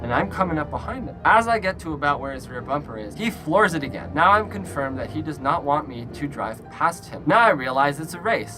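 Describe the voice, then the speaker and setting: A woman vlogger telling her own stories straight to the camera, blunt and profane, with a confrontational way of talking. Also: lowish voice. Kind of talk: personal storytelling to camera.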